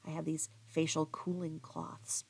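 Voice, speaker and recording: A woman vlogger talks straight to her viewers in a loose, rambling storytelling monologue. Her voice is low and gravelly, with plenty of vocal fry. She circles back, restarts sentences and drops in side comments as she goes. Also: little pitch movement, unhurried, a little mellow, a little hiss or hum. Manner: rambling, chatty, with frequent restarts and asides.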